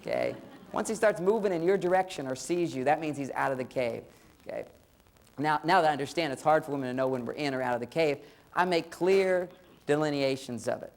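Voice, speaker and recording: A man's voice: fairly high pitch, fairly quick. Middle-aged guy doing a funny relationship seminar, chatty, talks right at the crowd, acts out what couples say. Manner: animated, acts out spouses' lines in quoted voices; conversational, addresses listeners directly. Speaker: relationship lecturer. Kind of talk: humorous seminar talk to a live audience.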